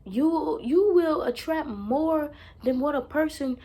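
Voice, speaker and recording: Slow and mellow, with a high voice and lively intonation, this young self-help vlogger delivers a casual, profane monologue, speaking bluntly and saying things again for effect.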